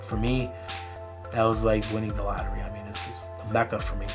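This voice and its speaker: A man from Chicago telling a personal story in a documentary interview, animated and full of "you know, man.". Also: on the low side, brisk, over music. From Chicago, USA.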